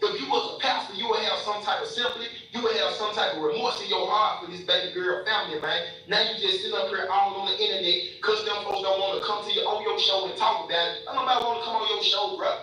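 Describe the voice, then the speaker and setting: A man's voice: sits high, steady tone, quick pace, hardly any pauses, bright, forceful tone, heavy reverb, far from the mic, low-quality recording. A young man angrily ranting in a live video, profane and repetitive, calling people bro and man. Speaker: social media commenter. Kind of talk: angry live video rant.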